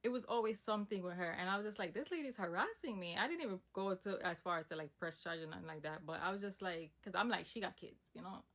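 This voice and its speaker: Animated woman telling a storytime. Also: lowish voice, fast, hardly any pauses. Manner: animated, emphatic retelling with asides. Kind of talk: casual storytime monologue.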